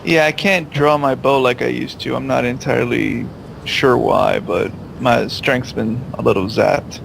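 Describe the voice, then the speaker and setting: Gravelly-voiced male tabletop player. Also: mid-range voice, steady tone, a little hiss or hum, rough recording. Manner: hesitant, polite, halting. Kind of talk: in-character tabletop role-play.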